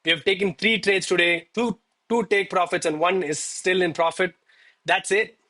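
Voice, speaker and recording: A young man streaming live from home on a headset mic, hyped and out of breath after exercise, talking excitedly to his chat. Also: high voice, normal speed. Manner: hyped, exclaiming, addresses chat as bro.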